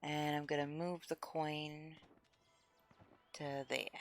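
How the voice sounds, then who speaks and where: A young woman streaming a game, chatting casually with her viewers in an expressive, excitable way on a close desk mic. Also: deep voice, takes it slowly, a little hiss or hum. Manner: expressive, chatty, gets excited and laughs a lot. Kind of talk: casual live-stream chat.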